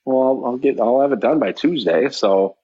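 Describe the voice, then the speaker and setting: A man's voice: mid-range voice, normal speed, slightly rough, lo-fi sound. A man, a shop owner, casually telling a story on a podcast and acting out the dialogue. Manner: animated, acts out quoted dialogue.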